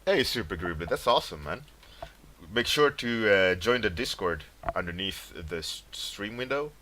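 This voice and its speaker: A man's voice: on the low side, animated, moderate pace, sharp tone, slight background noise. A man casually chatting on his livestream, rambling about dreams, laughing often and greeting viewers by name. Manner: rambling, laughs often, reads chat names aloud. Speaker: livestreaming artist. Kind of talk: casual stream chat.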